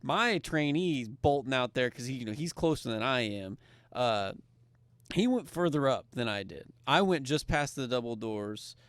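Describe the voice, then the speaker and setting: Casting: man, podcast co-host, swears freely, lively storyteller, dry close sound. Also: mid-range voice, normal speed, no room sound. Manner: profane, animated storytelling. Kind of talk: casual storytelling chat.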